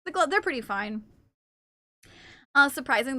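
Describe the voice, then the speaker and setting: A woman streamer with a high, bright voice chats casually with her viewers and slips into cooing baby talk for her cats. The recording is dry and close, with no room sound. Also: expressive, fairly quick, dry recording. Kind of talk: casual live-stream chat.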